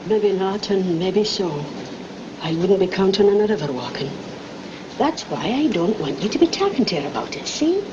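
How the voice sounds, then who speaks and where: A brisk, scolding old Irish grandmother, played by a woman with an Irish accent, her voice lively and rising and falling. A clear hiss runs under a muffled 1930s film soundtrack. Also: medium pitch, natural voice. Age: older. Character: stern but loving old Irish grandmother.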